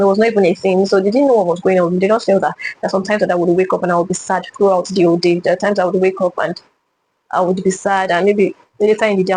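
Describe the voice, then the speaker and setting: A woman's voice: medium pitch, a little mellow, a little hiss or hum, poor audio. A young woman from Nigeria earnestly recounting her personal story, reflective, with frequent fillers and restarts. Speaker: vlogger. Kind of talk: personal testimony to camera.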